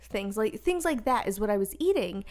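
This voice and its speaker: A woman co-hosting a podcast, chatting casually and telling stories in an animated way. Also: medium pitch, normal speed. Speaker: podcast co-host. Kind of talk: casual chat.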